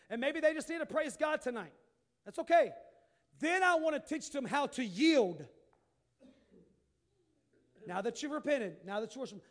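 A high-pitched man delivering a sermon. He drops to quiet, confiding asides, then rises into loud, emphatic calls. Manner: preaching with sudden shouted bursts and quiet asides. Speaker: pastor.

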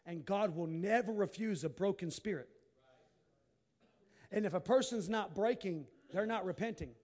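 A man preaching a sermon, swinging from quiet asides to sudden shouted bursts. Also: high-pitched, normal speed. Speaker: pastor.

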